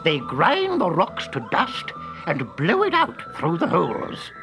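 Kindly bespectacled old dragon, calm and explaining, lively in pitch, read by a narrator. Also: takes it slowly, over music, full character voice. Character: wise old male dragon with spectacles.

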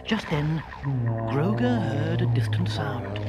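A narrator reads a children's story slowly and expressively, with a very lively pitch and an animated delivery. Music plays underneath.

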